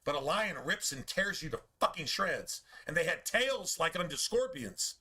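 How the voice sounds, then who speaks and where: A man's voice: on the high side, very animated, moderate pace, sharp tone. A man streaming a game, talking in a casual, profane, preachy rant full of rhetorical questions.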